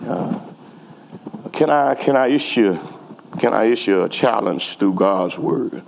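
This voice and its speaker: A slow, creaky, lowish voice with lively intonation preaches in a church sanctuary, over slight background noise. The pastor calls out to his congregation and repeats phrases in call-and-response style, and the room's long reverb is clear.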